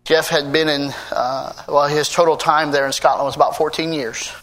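A man's voice: steady tone, normal speed, fairly bright tone, faint music behind. A man, a pastor giving a sermon testimony, earnestly telling stories and acting out quoted conversations. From United States. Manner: earnest storytelling, acting out quoted talk with big pitch swings.

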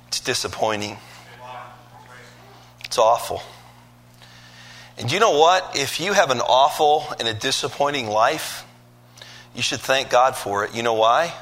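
Bright, animated male preacher. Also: medium pitch. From Michigan. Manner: animated storytelling with voiced asides, rising to emphatic peaks. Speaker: pastor. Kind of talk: sermon.

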